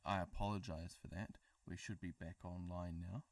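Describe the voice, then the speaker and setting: A man's voice: low voice, flat delivery, normal speed, no room sound. A man, co-hosting a livestream with dry, joking banter. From New Zealand. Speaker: co-host, story narrator. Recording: distant mic, dry sound.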